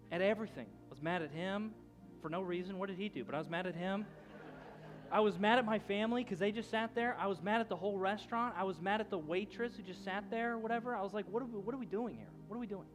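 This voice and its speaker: This thirties-aged pastor has a high voice and speaks a little fast over music. His sermon unfolds as a loose, conversational story with frequent restarts, and it rises into loud shouting at the climax.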